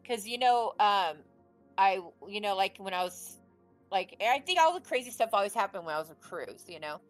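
A woman's voice: mid-range voice, lively intonation, normal speed, faint music behind, poor audio. A woman in her late forties telling a personal story in a rambling, casual way, full of filler words. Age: 40s. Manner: rambling, full of "you know" and "like".

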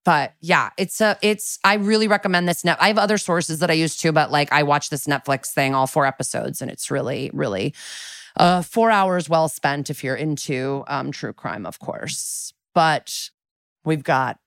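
A woman's voice: low-pitched, normal speed, dry recording, clean studio sound. A woman co-hosting a true-crime podcast, chatting casually, swearing freely and using lots of filler words. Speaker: podcast co-host.

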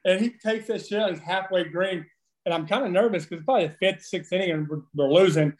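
A man in his thirties, a former ballplayer, telling profane, animated stories in casual chat. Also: high voice, fast. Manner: profane, animated storyteller with laughs. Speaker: former baseball player, podcast guest.

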